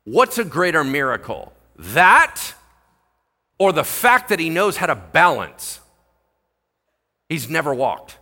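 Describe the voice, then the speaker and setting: A man preaching a sermon as pastor, animated and jokey, acting out the people in the story. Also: a little high, takes it slowly, pauses often.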